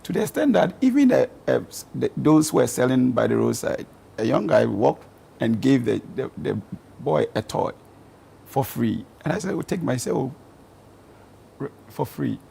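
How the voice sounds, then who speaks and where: A man's voice: mid-range voice, very animated, moderate pace, gravelly, slight background noise. A man, a talk show guest, earnestly telling stories and giving advice. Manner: earnest, storytelling, gently counselling.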